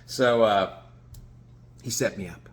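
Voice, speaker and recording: A man telling a casual story in an animated, swearing manner. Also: lowish voice, slow. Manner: animated, swearing, lots of restarts. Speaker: vlogger.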